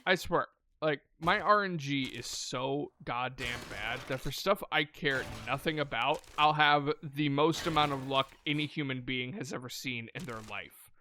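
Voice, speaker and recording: A man's voice: mid-range voice, unhurried, hardly any pauses, pushed and bright, a little hiss or hum. A man giving casual gameplay commentary, chatty and swearing, talking to the game and the zombies as he loots. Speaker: gameplay streamer.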